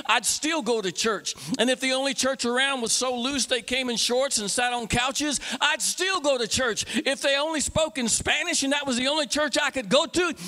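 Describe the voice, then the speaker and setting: High-voiced man preaching in a reverberant hall. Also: sharp tone. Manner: emphatic preaching with repetition and call-and-response. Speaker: pastor. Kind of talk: sermon.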